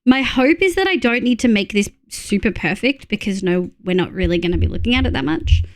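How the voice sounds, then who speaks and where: A woman's voice: medium pitch, expressive, a little fast. An Australian woman streaming live, chatting casually with viewers as she plays, counting aloud under her breath and swearing freely. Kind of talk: casual live-stream chat while playing.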